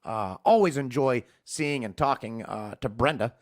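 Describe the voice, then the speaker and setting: A man's voice: medium pitch, moderate pace. A man hosting a podcast, delivering a heated, profane rant. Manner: profane, heated, emphatic ranting. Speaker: podcast host. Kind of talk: ranting podcast monologue. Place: home podcast studio.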